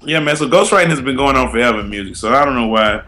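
A man's voice: medium pitch, expressive, racing, sharp tone, faint music behind. A laid-back man co-hosting a podcast, talking casually and often adding "you know what I'm saying". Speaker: podcast co-host. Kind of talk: casual banter.

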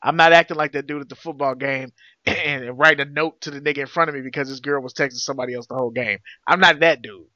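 A man's voice: medium pitch, steady tone, fast talker, sharp tone, no echo. A man co-hosting a podcast, giving blunt, emphatic opinions in casual chat. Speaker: podcast co-host. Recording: dull dry lo-fi audio.

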